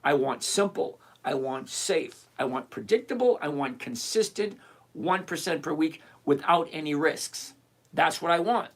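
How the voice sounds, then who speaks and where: A man's voice: fairly high pitch, expressive, a little slow. An older retired man hosting a live stream, chatting casually and emphatically as he answers viewers by name. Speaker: livestream host answering viewer questions.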